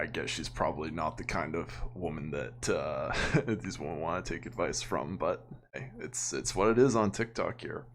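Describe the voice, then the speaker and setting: A man with a notably low voice hosts an offhand reaction commentary. He talks casually and opinionatedly, chuckling often as he goes. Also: slight background noise. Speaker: commentary channel host.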